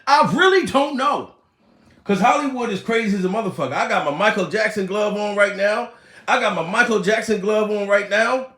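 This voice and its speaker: A man ranting loudly in a comedic commentary, excitable and profane, breaking into shouts. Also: sits high, brisk. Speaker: comedy YouTuber. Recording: roomy echo.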